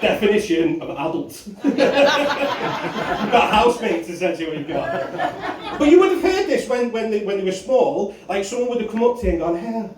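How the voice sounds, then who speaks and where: An Englishman performs a brash, sweary stand-up set in a bar club, working the crowd as the audience laughs. His high, sing-song voice moves at normal speed over a noisy background, picked up by a distant mic in a roomy club sound.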